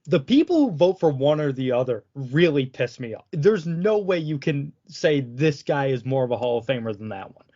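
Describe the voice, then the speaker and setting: A man's voice: medium pitch, sing-song, normal speed, hardly any pauses, dark tone. A man co-hosting a casual sports podcast, opinionated and saying "like" often. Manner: opinionated, uses "like" a lot. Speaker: podcast co-host. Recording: dull lo-fi recording.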